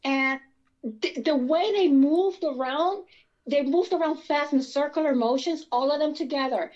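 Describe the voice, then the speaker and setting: A woman from Pennsylvania telling her own experiences in a casual interview, animated and rambling with many restarts. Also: high voice, a little slow, lo-fi sound. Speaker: guest experiencer.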